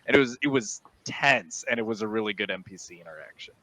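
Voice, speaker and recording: A man, a guest on a video call, telling stories from his tabletop games in an animated, laughing way. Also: lowish voice, fast talker, rough recording. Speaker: guest, D&D player. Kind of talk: casual storytelling on a video call.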